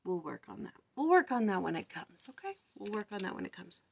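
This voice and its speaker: A woman's voice: medium pitch, sing-song, a little fast, gravelly, husky. Woman musing aloud over scripture at home. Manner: thinking aloud, chatty, lots of "like" and "right?". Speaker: vlog host. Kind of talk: casual morning scripture study.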